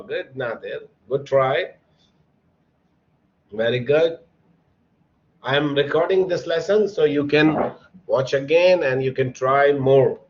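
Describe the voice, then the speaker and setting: Slow, patient male English teacher. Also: mid-range voice, highs cut off. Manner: slow, patient, encouraging, calls on students by name. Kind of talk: online classroom lesson.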